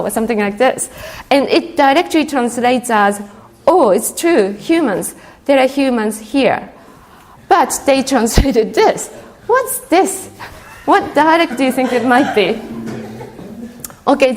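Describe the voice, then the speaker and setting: A woman delivering a conference keynote in a hall. She speaks in a halting way, filling pauses with frequent ums and uhs. Her voice sits a little high.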